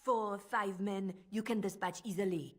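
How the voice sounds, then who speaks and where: A woman's voice: medium pitch, steady tone, normal speed, a crowd in the background, lightly acted. An actress with a French accent voicing a cold, manipulative woman spymistress in a video game, speaking in a silky, menacing way.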